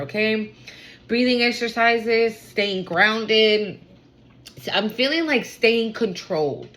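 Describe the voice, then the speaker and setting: In a low-quality recording, a woman with a somewhat high voice delivers a relaxed spiritual reading to viewers, talking quickly and eagerly, using plenty of slang and tossing in swear words.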